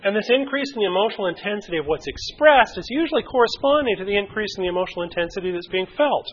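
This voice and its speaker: A man presenting a relationship workshop in a conversational way, lively, using vivid examples and asking his audience questions. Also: sits high, rapid-fire, hardly any pauses. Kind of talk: conversational teaching to a group. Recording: dull lo-fi recording.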